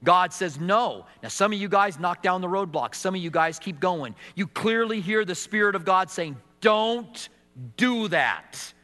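A man's voice: sits high, normal speed, hardly any pauses, bright, forceful tone, big-room sound, faint music behind. A middle-aged man preaching a sermon as a pastor, telling stories and acting out quotes with some humor. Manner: storytelling with acted quotes and humor.

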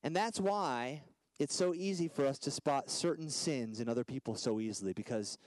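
A man in his thirties preaching a sermon as a guest speaker, swinging between loud emphatic lines and soft hushed ones. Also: mid-range voice, normal speed, dry recording, poor audio.

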